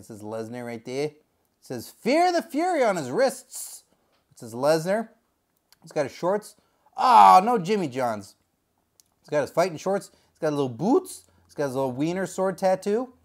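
A man's voice: fairly high pitch, darkish tone. A man hosting a comedic unboxing video, talking in a goofy, jokey, rambling way. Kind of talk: casual comedic unboxing chat.

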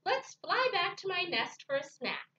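A sulky, snappish little storybook bird, put on by a woman reading aloud. He bites off his answers in a bright, lively voice that climbs high when he loses patience. The recording is a little dull, with faint noise behind it. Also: a little slow, echoey room, exaggerated voice. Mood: cheerful. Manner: snapping, then shouting. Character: grumpy young male bird, snappish.

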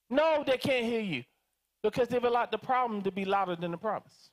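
A man preaching a sermon as pastor, animated and calling out to his congregation for responses. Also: very high-pitched, brisk. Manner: animated, dramatizing prayers in different voices.

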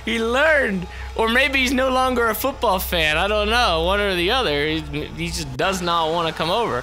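A man's voice: sits high, normal speed, few pauses, sharp tone, soft background music. A man giving let's play commentary who swears a lot, yelps when startled and jokes to himself between bursts. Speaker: gaming YouTuber.

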